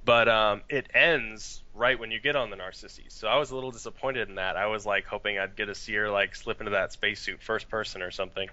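Bright-toned man giving game opinions. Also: on the low side, fairly even intonation, fast, few pauses, muffled recording. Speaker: podcast co-host. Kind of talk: casual podcast chat.

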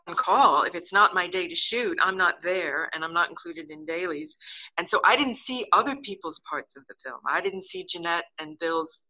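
An older woman, an actress and interview guest, telling a story in a casual, lively way and acting out the lines she quotes. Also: rough recording. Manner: lively, acts out quotes with big pitch jumps.

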